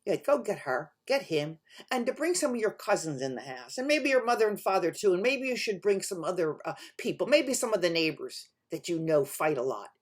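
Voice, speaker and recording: Woman doing an old wise man, hushed, low, slow, calm, storybook telling. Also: slightly rough. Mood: knowing.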